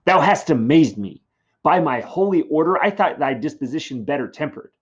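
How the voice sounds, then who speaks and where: A man's voice: on the high side, lively intonation, normal speed, breathy edge, pitched above the performer's own voice. A stern old friar scolds in earnest, declamatory verse, read by a man in a slightly raised voice. The recording sounds a little muffled. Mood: scolding. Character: stern, moralizing older male friar.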